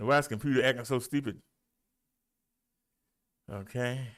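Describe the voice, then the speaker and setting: A middle-aged man and show host, out of breath, reading out the day's figures in a folksy, animated way. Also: a little high, unhurried, clear, resonant tone. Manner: animated, rolls his R's, folksy drawl. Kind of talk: casual livestream talk, reading daily stats.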